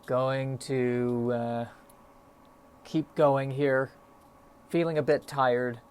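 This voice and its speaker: A man's voice: medium pitch, flat delivery, drawn-out words, a little mellow, a little hiss or hum. Rambling, self-mocking podcast man. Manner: self-deprecating, stop-start musing with frequent fillers. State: a bit out of breath. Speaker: solo podcast host. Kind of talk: rambling solo podcast monologue.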